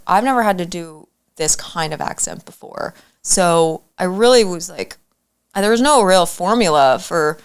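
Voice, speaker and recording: Young woman guest chatting, lowish voice, smooth and clear, keeps restarting sentences. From Arizona, USA. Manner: halting, many fillers and restarts. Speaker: guest actor. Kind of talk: casual interview chat.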